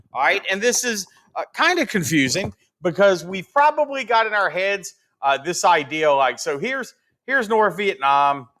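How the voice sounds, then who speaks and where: A man's voice: high voice, bright, forceful tone. A man teaching a casual history lecture, chatty and full of fillers, sometimes acting out quotes. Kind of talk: recorded classroom lecture.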